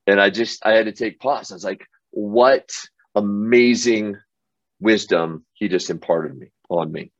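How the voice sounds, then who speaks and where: Enthusiastic low-voiced male host. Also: steady tone, brisk, no room sound, muffled recording. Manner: enthusiastic, loose, many fillers and restarts. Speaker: motivational show host. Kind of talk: casual storytelling monologue.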